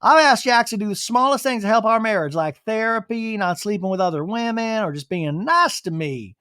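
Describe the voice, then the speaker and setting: A man's voice: high voice, animated, normal speed, sharp tone, clear, resonant tone, no echo, studio quality, pitched above the performer's own voice. A man voicing an emotional young woman from a reality show, with a whiny, drawling delivery. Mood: upset.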